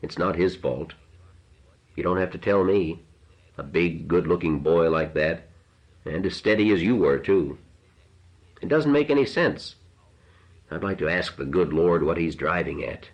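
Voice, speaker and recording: A man voicing a gruff, blunt working father in a read-aloud story, in a dull lo-fi recording. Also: low voice, animated, measured pace, pauses often. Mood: uneasy.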